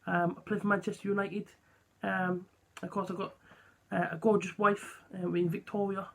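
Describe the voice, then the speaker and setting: A man doing a quiet, hesitant impression of a famous male footballer, pausing between phrases. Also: sits high, level tone, vocal fry. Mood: soft. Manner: hesitant, halting with ums.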